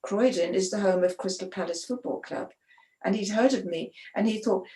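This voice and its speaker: A woman, a sports photographer, telling stories in a conversational interview, animated and often restarting her sentences. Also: mid-range voice, normal speed. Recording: roomy echo.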